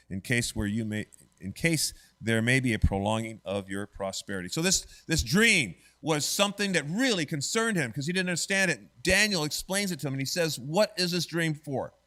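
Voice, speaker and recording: A man's voice: medium pitch, sharp tone. A man teaching an adult church Bible study class in a church classroom, conversational and often quizzing the class with "right?".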